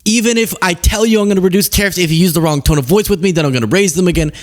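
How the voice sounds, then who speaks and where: A young man hosting a casual political commentary show, sarcastic and quick to laugh at his own jokes. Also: high voice.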